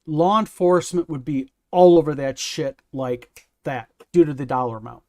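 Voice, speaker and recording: A male host leading a casual livestream discussion, blunt and emphatic. His voice sits a little above the usual male pitch. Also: a little slow, hardly any pauses, darkish tone.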